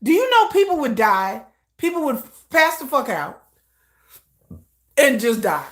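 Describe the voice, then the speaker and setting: A woman's voice: high-pitched, big pitch swings, a little slow. A woman doing live reaction commentary, ranting with profanity and exasperated laughing asides. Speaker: reaction streamer.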